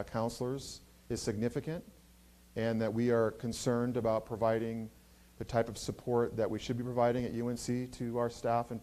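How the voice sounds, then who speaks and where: Halting, earnest man answering questions. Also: mid-range voice, dark tone. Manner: earnest, halting with many fillers. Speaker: university president. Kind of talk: Q&A answers at a campus address. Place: university event hall.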